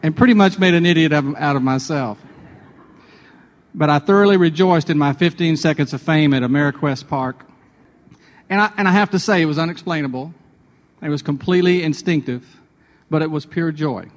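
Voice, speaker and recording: A man with a somewhat high voice talks in a chatty, storytelling way on a radio devotional. He moves from personal anecdotes to a spiritual lesson. A long hall reverb trails after his words. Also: brisk, long pauses. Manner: chatty, personal anecdotes building to a sermon point.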